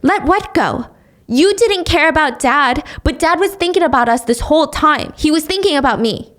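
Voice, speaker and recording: Woman voicing a young daughter, raised and hurt, higher than her normal talk. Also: lively intonation, a little fast. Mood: upset. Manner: high, pleading and indignant.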